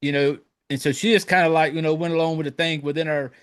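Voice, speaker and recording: Man, podcast host, casual chat, swears a lot, lively storytelling, slightly high voice. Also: fast, clean tone. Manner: profane, animated storytelling with acted-out quotes.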